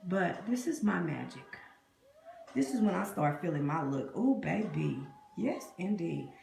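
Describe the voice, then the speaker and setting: Chatty woman with gravelly voice. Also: fairly low pitch, animated, a little slow, a little mellow, reverberant, slight background noise. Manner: chatty, greets live viewers, calls them y'all and honey. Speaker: beauty vlogger. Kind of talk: live makeup tutorial chat. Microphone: phone camera up close.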